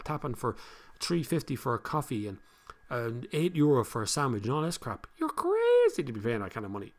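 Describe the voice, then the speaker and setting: Blunt Irish man from Kildare. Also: medium pitch. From Ireland. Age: older. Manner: blunt, animated, gives emphatic advice. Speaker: host reading viewer comments. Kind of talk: casual live-stream chat.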